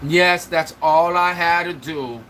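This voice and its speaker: A livestream host trades loose, joking banter, trash-talking and mocking people in his chat. His voice sits on the high side with a fairly bright tone and a slow pace, and the rough recording carries a little hiss or hum.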